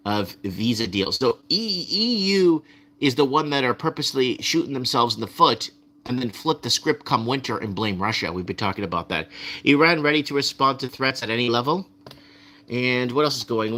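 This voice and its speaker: A man's voice: mid-range voice, bright, forceful tone. A man hosting his own video, reading viewer comments and news headlines aloud and commenting on them in a loose, rambling way, often repeating himself. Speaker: video host.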